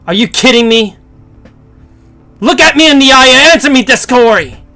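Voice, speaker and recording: A young ally reeling from betrayal, voiced by a streamer reading a game, pleading quickly and urgently. The voice is bright, with faint music playing behind. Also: high voice, expressive, vocal fry, full character voice. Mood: distraught. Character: shocked young ally confronting a traitor.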